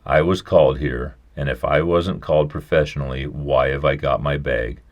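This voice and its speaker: A man voicing a stubborn, folksy old country doctor who talks briskly and gruffly in a storybook reading. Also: very deep voice, steady tone, highs cut off.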